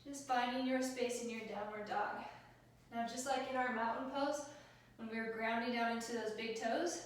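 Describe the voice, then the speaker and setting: A woman leads a yoga class with calm, encouraging cues for each breath and movement. Her voice is fairly high and sits back from the mic. The room is very echoey, with a faint hiss underneath. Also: recorded from a distance. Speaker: yoga instructor. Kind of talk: guided yoga class instruction.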